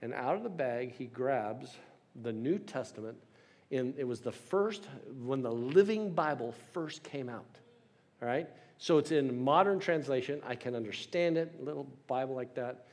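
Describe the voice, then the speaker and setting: A man's voice: mid-range voice, expressive, normal speed, a little mellow. A man in his sixties preaching a sermon with storytelling and self-deprecating humor. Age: 60s. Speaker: pastor.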